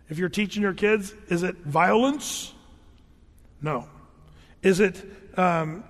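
A man preaching a conversational verse-by-verse sermon, reading scripture aloud and swinging between hushed and loud. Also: high-pitched. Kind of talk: sermon, verse-by-verse Bible teaching. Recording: long reverb of a large hall.

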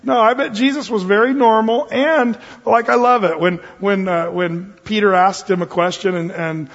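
A man with a high, husky voice delivers a sermon as pastor. He jokes his way through the teaching in a loose, conversational manner, and the sound is dull and lo-fi with a long reverberant hall tail. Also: steady tone, moderate pace, fairly bright tone. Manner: joking, conversational preaching. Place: church sanctuary.

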